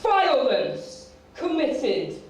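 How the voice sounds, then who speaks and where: A swaggering, boastful male gangster-rapper president with a deliberately fake Texan accent, as a woman performer puts him on. The rhymes are rapped and chanted in a high voice. It is heard from a distance in a very echoey hall. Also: very animated, very noisy, heavily acted. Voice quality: boastful, rhythmic, rhyming swagger. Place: large echoey live arts venue.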